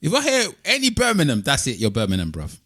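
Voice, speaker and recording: A man's voice: mid-range voice, wildly swooping pitch, quick pace, bright, forceful tone. A man with a London accent co-hosting a podcast in casual, slangy, wry chat. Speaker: podcast co-host.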